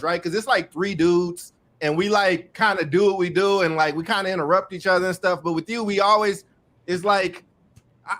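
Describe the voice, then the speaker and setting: A man hosting a podcast in casual chat, warm and effusive, often repeating and stumbling over words. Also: on the high side. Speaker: podcast host.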